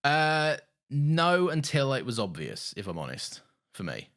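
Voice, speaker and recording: A man co-hosting a podcast, chatting casually in an excitable, sweary way and laughing often. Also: mid-range voice, a little slow. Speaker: podcast co-host. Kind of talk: casual chat.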